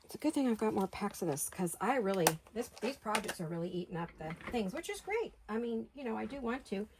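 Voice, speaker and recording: A woman's voice: mid-range voice, very animated, fast, background noise. A middle-aged woman hosting a craft video, chatting casually to her viewers and to herself as she works. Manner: chatty, talks to herself while working.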